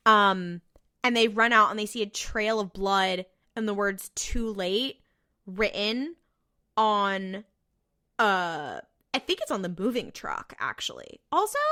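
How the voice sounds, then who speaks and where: A woman's voice: medium pitch, bright, forceful tone. A woman co-hosting a podcast, recapping a TV episode in a casual, profane, laughing storytelling manner. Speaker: podcast co-host.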